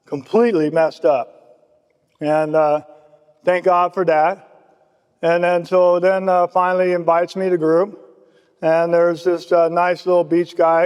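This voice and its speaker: A man's voice: on the high side, a little mellow, clean tone, big-room sound. A man giving a casual personal testimony at a recovery meeting, acting out the voices of people he quotes.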